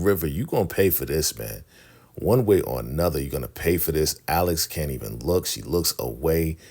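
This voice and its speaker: A man casually recapping a TV episode, acting out the characters' lines in an animated way. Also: rumbling low. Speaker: show recap host.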